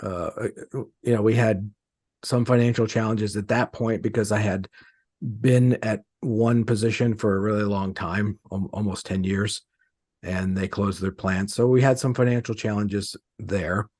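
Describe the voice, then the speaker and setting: A man's voice: on the low side, steady tone, measured pace, darkish tone, dry recording, clean studio sound. A middle-aged man, an author being interviewed, speaking hesitantly with many fillers and restarts. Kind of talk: conversational interview.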